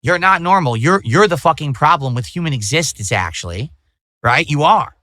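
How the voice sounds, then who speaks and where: A man's voice: a little high, lively intonation, normal speed, pushed and bright, dry recording, clean studio sound. A man livestreaming, lecturing his chat indignantly and repeating his accusations. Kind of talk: ranting livestream talk.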